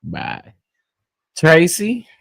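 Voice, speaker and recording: A man from West Texas with a Southern accent, hosting a live panel stream in casual chat, folksy and quick to laugh. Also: a little high, huge pitch swings, gravelly, fairly bright tone, dry recording. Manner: chatty, laughs often, folksy slang.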